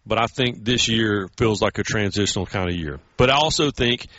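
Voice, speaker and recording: A man's voice: fairly low pitch, fairly quick, no echo, dull audio. A man telling stories in casual chat as a podcast co-host, acting out quoted voices with energy. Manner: storytelling, animated quoted voices.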